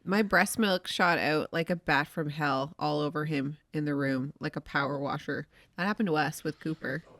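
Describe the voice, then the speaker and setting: A woman in her thirties, co-hosting a frank couple's podcast and telling stories with lots of laughter. Her voice sits a little low for a woman, yet it comes across bright and forceful. The sound is close and dry. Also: moderate pace, dry recording. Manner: laughing, animated storytelling, swearing. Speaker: podcast co-host. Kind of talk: candid couple's chat.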